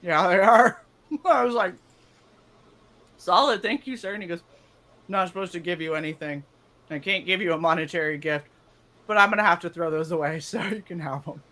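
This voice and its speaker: A woman's voice: on the low side, fairly quick, sharp tone, slight background noise. A young woman co-hosting a casual stream, animatedly telling stories, swearing freely and acting out quotes. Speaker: stream co-host. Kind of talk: casual storytelling chat.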